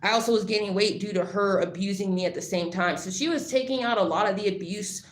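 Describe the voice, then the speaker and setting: Speaking fast in a mid-range voice, a woman vlogger tells a personal story in rambling, casual fashion, packed with "like" and blunt swearing. The recording has a roomy echo.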